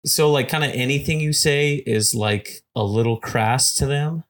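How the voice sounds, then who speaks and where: A man's voice: mid-range voice, moderate pace. A man guesting on a podcast, telling loose, chuckling stories full of "like" and "um" fillers. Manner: rambling, chuckling, lots of "like" and "um". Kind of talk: casual storytelling chat.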